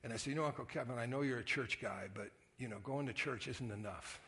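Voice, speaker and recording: Bright-voiced older pastor telling a story. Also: male voice, mid-range voice, fast, hardly any pauses. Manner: folksy, conversational storytelling, acts out quoted voices in a hushed whisper. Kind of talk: storytelling sermon.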